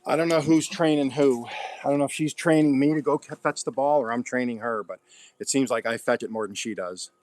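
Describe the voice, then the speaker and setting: Man, folksy homestead vlogger, medium pitch, chatting in the backyard and talking to his dog. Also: steady tone, a little fast, a little mellow. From Oklahoma. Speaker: gardening vlogger. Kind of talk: casual chat while gardening. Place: backyard garden, outdoors.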